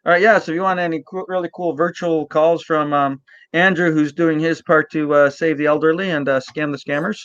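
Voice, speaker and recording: Chatty host with dull lo-fi sound. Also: male voice, fairly high pitch, fairly even intonation, brisk, fairly bright tone, clear, resonant tone. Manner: chatty and joking, stammering restarts. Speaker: podcast host. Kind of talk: casual interview chat.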